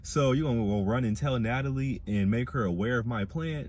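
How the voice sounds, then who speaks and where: A young man with a Black dialect, giving a sassy, animated casual review of a reality show. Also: a little fast, hardly any pauses, slight background noise. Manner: animated, sassy, mimics cast members in high voices. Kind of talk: casual commentary.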